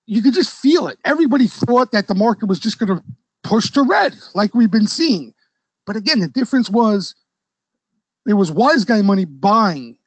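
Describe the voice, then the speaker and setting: Host: high-pitched man, casual trading commentary, keeps asking "okay?", dry close sound. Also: no room sound, rough recording. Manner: conversational, frequent "okay?" checks, loose trader slang. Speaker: stock trading educator and host. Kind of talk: casual market commentary to a live audience.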